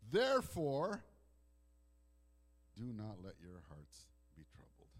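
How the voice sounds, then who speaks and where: A male pastor preaching a sermon in a conversational storytelling way. He drops to soft, hushed lines and then rises to loud, emphatic outbursts. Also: medium pitch, wildly swooping pitch, slow pace. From Italian heritage.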